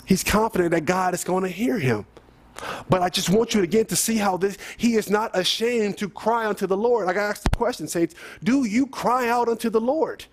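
High-pitched male preacher, earnest and urging, delivering a scripture sermon. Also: fairly quick, slight background noise. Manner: earnest, exhorting, addresses listeners as saints.

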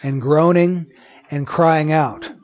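A man's voice: a little high, fairly even intonation, takes it slowly, darkish tone. A man preaching a sermon. He reads scripture aloud, asks the listeners many questions, and repeats his points with emphasis. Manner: emphatic and repetitive.

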